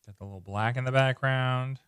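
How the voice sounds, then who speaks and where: A man casually walking through comic book pages, excited and loose, leaning on "like" and repeating himself. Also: medium pitch, a little fast, clear, resonant tone, dry recording, clean studio sound. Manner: enthusiastic, loose, repeats words, lots of "like". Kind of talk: casual page-by-page comic commentary.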